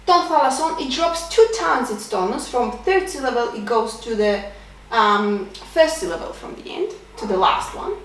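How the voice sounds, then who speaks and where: Woman, high lively voice, language teacher, patient step-by-step explanations, echoey room, mic far off. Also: normal speed, slight background noise. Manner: patient, explains step by step with fillers and self-corrections. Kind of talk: beginner language lesson. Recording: roomy echo, distant from the mic.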